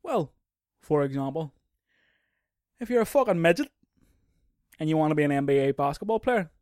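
Brief: male solo podcaster, slightly high voice, profane and rambling, dry close sound. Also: animated, moderate pace, pauses often, no echo. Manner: profane, rambling, jumps into loud mocking outbursts. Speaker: podcast host. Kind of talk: casual solo podcast rant. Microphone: mic on a stand.

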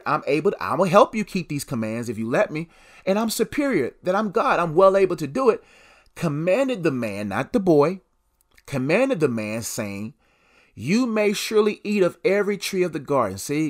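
A young adult man hosting a solo devotional podcast, preaching with repeated phrases and strong emphasis. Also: high-pitched.

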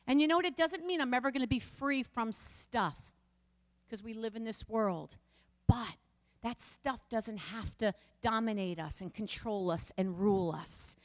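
A woman's voice: medium pitch, in a large hall. A woman pastor preaching a passionate sermon, speaking straight to her listeners with rising and falling emphasis.

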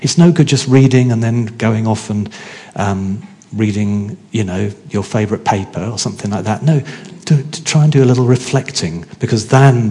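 A man's voice: lowish voice, a little mellow. A man preaching a sermon in a chatty, conversational way, often asking his congregation questions.

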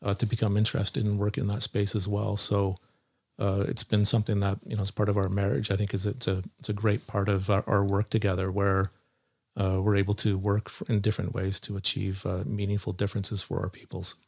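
A man who works as a lawyer, speaking as an interview guest in a measured, hesitant way with frequent pauses. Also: lowish voice, completely flat delivery, gravelly. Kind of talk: conversational interview.

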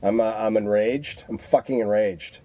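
A man's voice: on the low side, fairly even intonation, moderate pace, dark tone, dry recording. A man co-hosting a podcast, riffing in casual, profane banter with mock-aggressive bluster. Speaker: podcast co-host.

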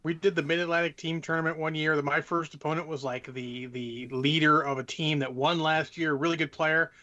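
A man with a somewhat high voice co-hosts a casual podcast and gives swearing advice about keeping games fun. His tone is forceful and bright. The recording sounds dull and lo-fi. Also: steady tone, a little fast. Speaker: podcast co-host. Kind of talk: casual chat.

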